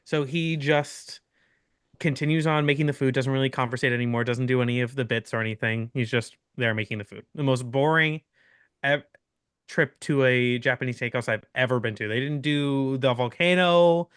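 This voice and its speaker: Brief: young male podcast host, smooth clear voice, dry close mic, animated storyteller. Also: medium pitch, moderate pace, no echo. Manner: animated, laughing storyteller with restarts. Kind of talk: casual storytelling chat.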